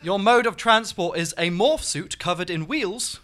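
A man's voice: high voice, a little slow, a bit bright. A man hosting a comedy game, announcing rounds in a playful way. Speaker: game show host.

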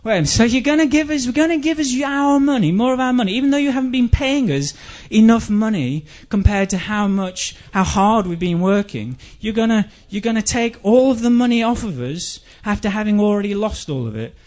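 A man's voice: sits high, lively intonation, fairly quick, hardly any pauses, darkish tone. A male stand-up comedian doing a rambling routine full of stammered repeats, on a dull lo-fi live recording.

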